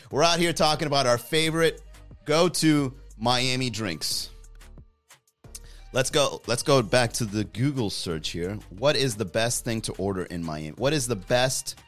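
Joking, animated male stream host. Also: mid-range voice. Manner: joking, rambling, laughs often. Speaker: livestream host. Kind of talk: casual chat.

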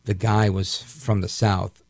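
A man's voice: fairly low pitch, level tone, takes it slowly, darkish tone, no room sound, clean studio sound. A man hosting a syndicated talk radio show, delivering an indignant, rambling monologue with frequent restarts. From Puerto Rican heritage, raised in the northern US.

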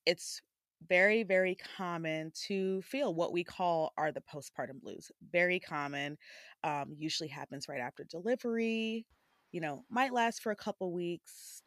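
A woman who is an OB-GYN guest on an interview, giving earnest advice and thinking out loud. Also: lowish voice, measured pace, no echo, studio quality. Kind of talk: casual conversational interview.

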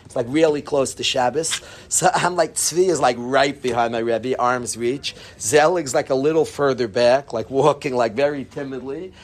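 A man telling a humorous personal anecdote to a group, animated and self-deprecating. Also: medium pitch, moderate pace. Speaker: storyteller.

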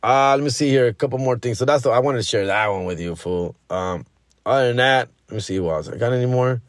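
A man's voice: medium pitch, fast talker, dry recording. Profane LA man telling stories. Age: 40s. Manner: profane, slangy, chuckling. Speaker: podcast host. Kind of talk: casual storytelling monologue.

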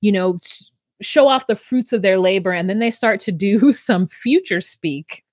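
A woman's voice: medium pitch, animated, unhurried, a little mellow, no echo, studio quality. A woman co-hosting a podcast, recapping reality TV in a chatty, giggly way. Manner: chatty, giggly, does mock voices. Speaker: podcast co-host. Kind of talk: casual reality TV recap chat.

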